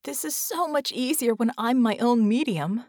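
A woman's voice: mid-range voice, animated, unhurried, no room sound, clean studio sound. A woman voicing a cocky, self-assured magical heroine who taunts her foe smugly. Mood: taunting. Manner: taunting, smug.

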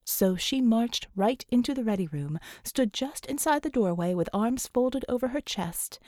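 Woman audiobook narrator, warm mellow tone, expressive measured storytelling, dry close recording. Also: on the high side, no echo. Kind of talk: scripted narration.

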